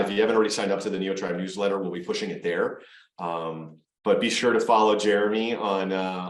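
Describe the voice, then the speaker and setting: A man with a very low voice hosts an interview over a video call. He talks casually and often restarts his sentences mid-thought. The sound is roomy and echoey. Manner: restarts phrases often, conversational. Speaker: host, venture partner. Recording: echoey room.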